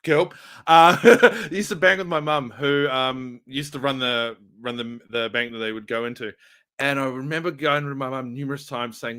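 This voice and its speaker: A man chatting casually as co-host of a streamed podcast, an animated storyteller who laughs often. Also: mid-range voice, brisk, clean tone. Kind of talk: casual chat.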